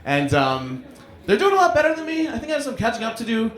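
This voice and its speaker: A man's voice: extremely high pitch, wildly swooping pitch, quick pace, fairly bright tone. A man in his forties with a New York accent doing a self-deprecating live stand-up set, chatting with the crowd in a small club. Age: 40s. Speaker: stand-up comedian. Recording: roomy club sound with crowd laughter.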